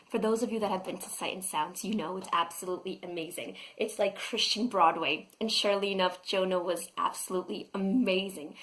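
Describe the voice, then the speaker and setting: A woman's voice: mid-range voice, a bit bright, rough recording. A woman talking casually and earnestly to her viewers about a lesson of faith, acting out quotes now and then. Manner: earnest, enthusiastic, acts out quotes. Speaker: vlogger and teacher. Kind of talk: casual devotional vlog talk.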